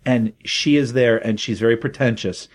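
A man in casual podcast conversation, middle-pitched and easygoing. He tells stories with energy and jumps into raised voices when he quotes characters. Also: moderate pace. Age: adult, married. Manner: animated storyteller, acts out quotes in a raised voice. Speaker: podcast co-host. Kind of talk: casual chat.

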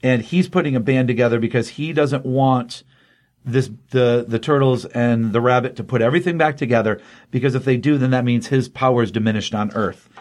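A man casually recapping a comic book story, lively, with quick voices for the characters he quotes. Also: medium pitch.

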